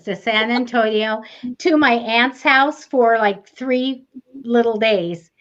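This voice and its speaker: A woman's voice: on the high side, slow pace, a bit bright, dull audio. A woman co-hosting a live psychic show, talking in a chatty, rambling way and laughing often. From United States. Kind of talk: casual chat.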